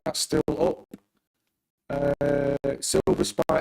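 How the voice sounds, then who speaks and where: A man's voice: medium pitch, takes it slowly, vocal fry, a little mellow, rough recording. A middle-aged man hosting a casual live stream from his home desk, chatting with viewers by name and rallying them with encouragement. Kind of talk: casual live market commentary. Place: home desk, working on a laptop.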